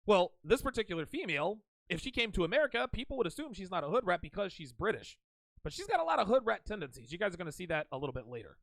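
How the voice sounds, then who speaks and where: A man's voice: high voice, sing-song, racing, creaky, fairly bright tone, dry recording. A man hosting a reaction commentary show, talking back at a clip in a mocking tone.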